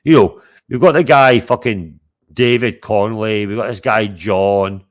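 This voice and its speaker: Scottish male streamer, low-pitched, boisterous sweary host type. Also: measured pace. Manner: boisterous and sweary, calling out to chat and viewers. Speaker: livestream host. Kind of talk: casual livestream chat.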